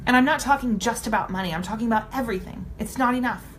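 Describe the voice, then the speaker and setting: A woman's voice: fairly high pitch, rapid-fire, slight background noise, low-quality recording. A woman giving a live-streamed motivational talk, emphatic and blunt, swearing casually and repeating her points for emphasis. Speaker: motivational speaker.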